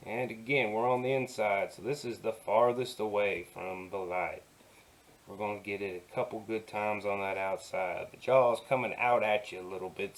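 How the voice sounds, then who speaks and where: A man teaching digital painting in an easygoing, soft-spoken way, talking himself through each step in a put-on folksy drawl. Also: on the low side. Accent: put-on folksy drawl while working. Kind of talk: relaxed screen-recorded painting tutorial.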